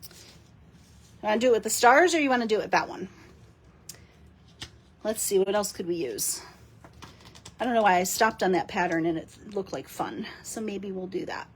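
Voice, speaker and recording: A woman's voice: medium pitch, animated, moderate pace, pauses often, a little hiss or hum. A woman hosting a casual live card-making demo, chatting and giggling with her viewers as she works.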